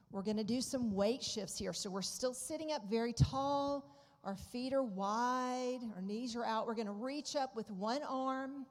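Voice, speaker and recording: A woman's voice: a little high, darkish tone. A woman, a physical therapist, leading a seated exercise class on a handheld microphone, giving upbeat, encouraging step-by-step instructions. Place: large hall at a medical symposium. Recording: reverberant hall, faint room noise.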